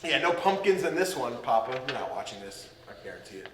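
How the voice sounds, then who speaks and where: Animated man recapping a movie, echoey room. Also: mid-range voice, quick pace, distant mic, crowd noise. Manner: animated, acts out characters in silly voices, swears. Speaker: podcast host. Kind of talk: casual podcast chat recapping a movie.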